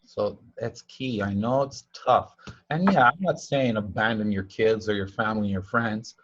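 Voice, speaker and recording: A man's voice: fairly low pitch, normal speed, lo-fi sound, noisy background. A man giving an informal spiritual teaching talk. He rambles through stories, repeats himself and uses broken grammar, and raises his voice when he acts out the people he quotes.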